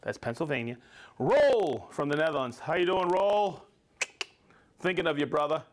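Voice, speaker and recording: A man's voice: on the high side, lively intonation, normal speed. A middle-aged man hosting a live stream, upbeat as he reads out viewer names and hometowns and sometimes stumbles over hard ones. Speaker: livestream host.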